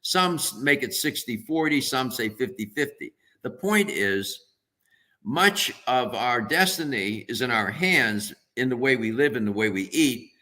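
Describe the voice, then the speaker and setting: A man's voice: medium pitch, sharp tone. A man speaking as a nutritionist guest on a radio interview, earnest and emphatic as he thinks aloud.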